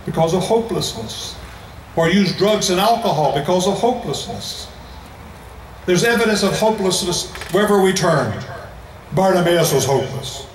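A man with an American accent preaching an emphatic evangelistic sermon to a large crowd, slowing down to stress key phrases. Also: sits high, lively intonation, a little hiss or hum. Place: large indoor event venue. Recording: echoey hall, voice from far off.

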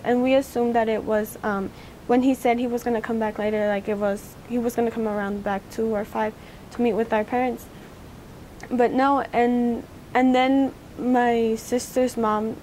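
Teenage girl, high flat voice. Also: a little hiss or hum. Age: teens. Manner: halting, recounting a personal memory. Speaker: interviewee. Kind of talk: oral history interview.

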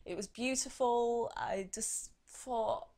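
A young woman giving quick, chatty movie reviews with a sarcastic edge and frequent laughs. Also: fairly high pitch, fairly even intonation, darkish tone. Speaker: film reviewer. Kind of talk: casual movie review vlog.

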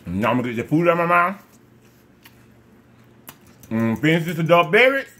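This mukbang vlogger eats while addressing his viewers casually, effusive and repetitive, sometimes speaking through food. His fairly high voice is sing-song, brisk, bright, and forceful.

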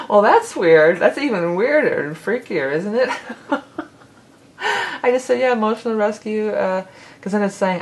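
A woman's voice: mid-range voice, animated, normal speed, a little hiss or hum, rough recording. A woman giving a casual tarot forecast, rambling and correcting herself as she goes, with the odd laugh. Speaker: tarot reader.

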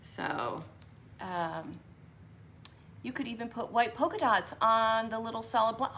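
A woman's voice: on the high side, expressive, measured pace, pauses often, a bit bright, a little hiss or hum. Chatty woman hosting a craft stream. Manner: chatty and rambling, answers viewer comments by name. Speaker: craft tutorial host.

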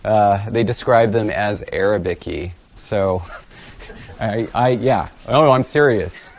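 A man's voice: on the low side, slow. A man giving an academic lecture with slides, talking in a casual, self-deprecating way with many fillers. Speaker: guest lecturer.

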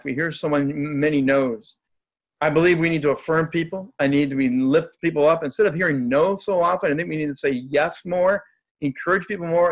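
A man who is a guest speaker, telling stories in a casual, upbeat and joking way. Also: on the high side. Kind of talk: casual storytelling in conversation.

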